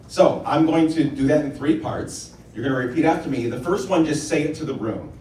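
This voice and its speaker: Man, panel moderator, earnest rallying talk, mellow voice, roomy hall, heard from a distance. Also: fairly high pitch, brisk, hardly any pauses, a little hiss or hum. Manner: earnest, rallying, leads call-and-response chants. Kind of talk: addressing a live audience. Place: stage in a hall.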